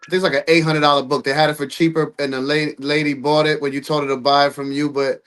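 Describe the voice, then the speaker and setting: A man asking the host quick, loose questions in casual chat. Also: fairly high pitch, flat delivery, fairly bright tone.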